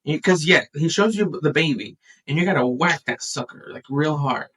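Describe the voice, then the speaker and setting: A man in a casual podcast chat, telling a family story with lively acted-out quotes. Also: a little high, normal speed, breathy edge, recorded from a distance, rough recording. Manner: animated storyteller, acts out quotes.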